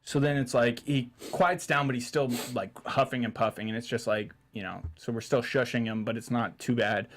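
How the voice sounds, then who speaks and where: Animated man telling a story. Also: medium pitch, normal speed, hardly any pauses. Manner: animated storyteller, acts out quotes loudly. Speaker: podcast host. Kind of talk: casual chat. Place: studio.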